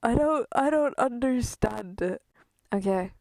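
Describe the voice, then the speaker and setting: A woman streams a video game, chatting casually but exasperated, swearing often and mocking herself, and a close headset mic near her face catches her breathing. Her fairly high voice has lively intonation, vocal fry, and a darkish tone, delivered unhurriedly. The recording is dry.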